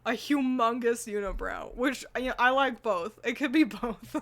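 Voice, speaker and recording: A woman co-hosts a casual chat while editing a tier list ranking anime mascots. She giggles often between phrases, rambles with fillers and restarts, and swears now and then. Her voice is a little high and a little slow.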